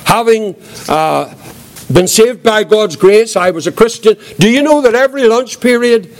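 An older man giving his testimony as a preacher, earnest and reflective, with a quiet voice. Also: high-pitched, lively intonation, normal speed. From Northern Ireland. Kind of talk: testimony sermon.

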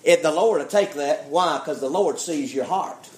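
A man's voice: a little high, normal speed. A man preaching a fiery sermon, calling out "friend" and asking "why?" while his congregation answers. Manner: preaching with call-and-response, repeats "friend" and "why?". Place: church. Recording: echoey church. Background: congregation calling amen.

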